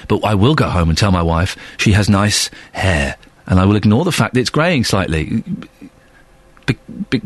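A man's voice: mid-range voice, slightly rough, dry recording. A man hosting a phone-in radio show in a studio, talking in chatty, rambling, self-mocking rants. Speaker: radio host. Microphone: studio microphone.

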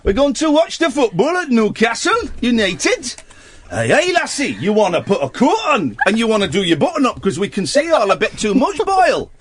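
A man doing an impression of a rowdy Geordie football fan, loud and boisterous in a put-on Geordie accent. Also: extremely high pitch, wildly swooping pitch, moderate pace, slight background noise, pitched above the performer's own voice, full character voice. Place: radio studio.

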